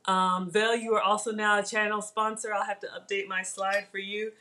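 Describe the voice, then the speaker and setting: Hosting a casual live cooking stream, a woman speaks at a moderate pace with a medium-pitched, level voice that sounds bright and forceful. She's chatty and emotional, thanking viewers by name while she cooks.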